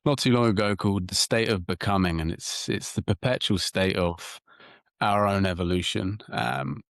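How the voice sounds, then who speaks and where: A man with a very low voice, speaking as a podcast guest in a measured, thoughtful way. He often circles back over his words while he gathers his thoughts. The sound is close and dry. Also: creaky, a bit bright, no room sound. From England. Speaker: psychotherapist guest. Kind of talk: reflective interview talk.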